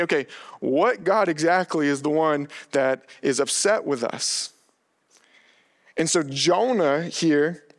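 A man preaching a sermon on a biblical book, explaining the text and acting out the characters' lines with lively energy. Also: fairly high pitch. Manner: animated, acts out the dialogue of the biblical characters. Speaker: pastor.

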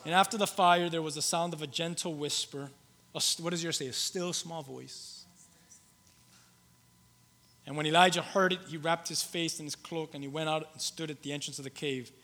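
A male pastor preaching a sermon, shifting between loud emphatic lines and soft, low storytelling, with halting restarts and repeated phrases. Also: fairly even intonation. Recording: long hall reverb.

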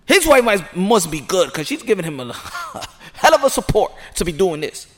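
A man giving casual, excited commentary outdoors, rambling and repeating himself with sudden loud outbursts. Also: high-pitched, moderate pace. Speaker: sports commentary vlogger.

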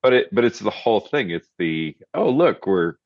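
Male podcast co-host, low voice, dry wry asides, dull muffled audio. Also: moderate pace, dry recording. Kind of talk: casual history podcast chat.

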